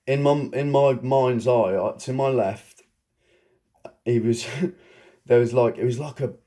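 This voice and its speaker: Man, mid-pitched voice, casual vlogger recounting his past, excitable and rambling, laughs between lines. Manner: rambling, excitable, frequent chuckles. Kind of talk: casual storytelling monologue.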